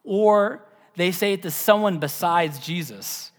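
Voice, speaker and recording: A man preaching a sermon as pastor, animated, dropping to a whisper for emphasis. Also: high-pitched, measured pace, long reverb tail. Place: church.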